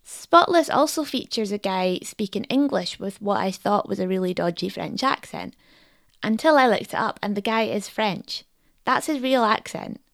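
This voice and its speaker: A woman hosting a podcast in scripted narration, wry and reflective. Her voice has a gravelly, creaky texture. It is close and dry, with no room sound. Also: medium pitch, lively intonation, moderate pace, dry recording. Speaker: podcast host.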